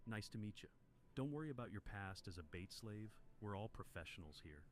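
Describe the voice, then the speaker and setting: A man's voice: on the low side, animated, brisk, slight background noise, lightly acted. A man voicing a grinning team leader who talks in a breezy, reassuring way. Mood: friendly.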